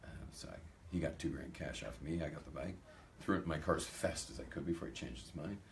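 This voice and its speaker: This American rabbi speaks with a rumbling low, creaky voice at a quick pace, over a little hiss or hum. Before a live audience, he tells funny anecdotes with animation, performing each character's lines.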